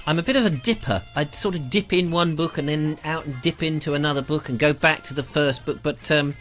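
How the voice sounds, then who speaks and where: A man's voice: a little high, brisk, fairly bright tone, soft background music. A middle-aged English man hosting a live online show, chatting casually and reading out viewer comments in a rambling, playful way.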